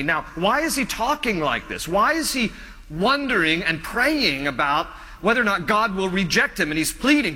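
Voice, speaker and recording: A male pastor preaching a sermon earnestly, often letting his voice sink low and soft at the ends of phrases. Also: big pitch swings, normal speed, big-room sound.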